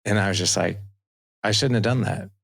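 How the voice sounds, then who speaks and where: A man in his forties with a very low voice and a gravelly texture. He tells family stories in a lively way, acting out the lines of each person. The sound is dry and close to the mic. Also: fairly quick, no echo. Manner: animated storytelling, acts out dialogue. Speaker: podcast guest, dad coach. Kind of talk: casual interview talk.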